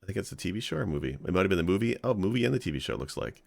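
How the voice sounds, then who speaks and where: A very deep man's voice with a gravelly edge, bouncing all over his range as he chats on a podcast. He laughs often and reacts with open surprise. The sound is dry and close, with no room around it. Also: big pitch swings, rapid-fire, darkish tone, no room sound. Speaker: podcast co-host. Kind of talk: casual chat.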